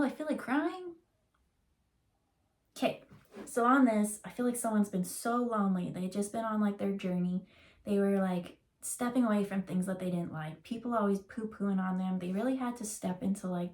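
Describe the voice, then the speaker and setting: A woman giving a casual channeled tarot reading, rambling and emotional, with many fillers, and slowing down to stretch out key words. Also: medium pitch, a little mellow. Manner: rambling and emotional, full of likes and ums, slows to drag out key words. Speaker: tarot reader.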